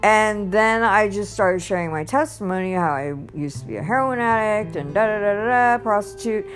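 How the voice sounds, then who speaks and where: A woman's voice: medium pitch, normal speed, soft background music. A woman telling her personal testimony in a casual, rambling way, with many restarts and bursts of laughter. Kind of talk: casual storytelling.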